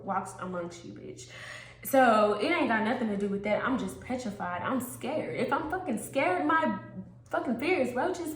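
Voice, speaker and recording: A woman telling a wild story in an animated, profane, laughing way. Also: mid-range voice, echoey room. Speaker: storytime vlogger. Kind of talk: casual storytime monologue.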